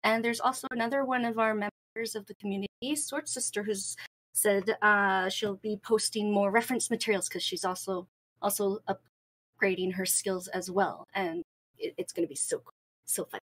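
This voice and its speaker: A woman's voice: medium pitch, steady tone, moderate pace, a bit bright, low-quality recording. A woman co-hosting a casual gaming podcast, chatty and enthusiastic, her audio breaking up over an online call. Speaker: podcast co-host and artist.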